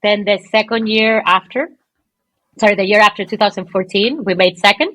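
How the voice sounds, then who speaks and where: Woman, podcast guest, animated storyteller, dry close mic. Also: mid-range voice, brisk, no room sound. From Venezuela. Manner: animated, chatty, lots of "like" and "okay". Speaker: guest, pole dance champion. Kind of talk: casual interview storytelling.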